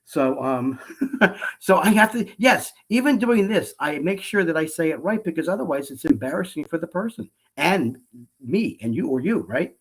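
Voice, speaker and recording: A man hosting a casual chat show with a slightly high-pitched voice. He talks eagerly and chattily, restarting his sentences often. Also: lively intonation, normal speed, slightly rough. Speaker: podcast host.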